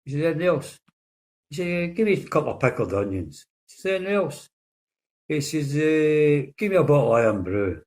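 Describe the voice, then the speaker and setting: A man's voice: on the high side, very animated, fairly quick, few pauses, darkish tone. A middle-aged man hosting, telling a string of jokes in a chatty, rambling way and briefly shifting his voice for each character. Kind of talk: casual joke-telling.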